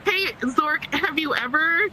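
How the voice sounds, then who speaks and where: Bright high-voiced excitable woman. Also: slow pace, a little hiss or hum, low-quality recording. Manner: bubbly, laughs often, swears freely. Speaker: podcast co-host. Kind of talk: excitable casual chat. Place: virtual reality space.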